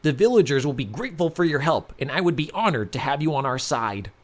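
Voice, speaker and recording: A man's voice: on the high side, very animated, fast, voice pushed up. A man doing a grave village leader.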